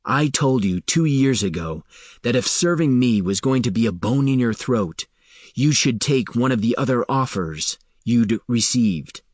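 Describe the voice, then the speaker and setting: A man's voice: medium pitch, lively intonation, unhurried, no room sound, clean studio sound. A man voicing a blunt, hard male leader who speaks in cutting terms in an audiobook.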